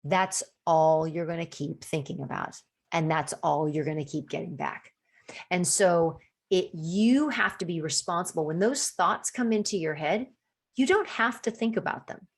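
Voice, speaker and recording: A woman's voice: lowish voice, moderate pace. A woman hosting a solo podcast as a coach, talking casually with many restarts and acting out quoted thoughts. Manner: chatty, acts out quoted inner voices with restarts.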